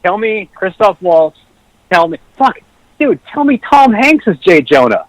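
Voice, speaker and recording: A man guesting on a casual film chat podcast, excitable and emphatic, swearing a lot. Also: sits high, a little slow, no room sound, poor audio.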